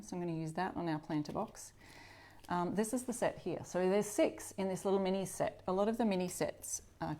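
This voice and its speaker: A woman with a fairly low voice hosts a live crafting show, chatting easily with her viewers. She shows her materials step by step and greets people as they join in. She is middle-aged and from Australia. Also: darkish tone. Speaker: upcycling channel host.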